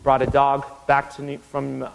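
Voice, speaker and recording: Speaking unhurriedly with vocal fry, a thirtysomething guest lecturer from Iowa fills a large lecture hall; the low-quality recording carries a little hiss or hum. His university lecture is animated, full of stories where he voices the characters with big jumps in pitch.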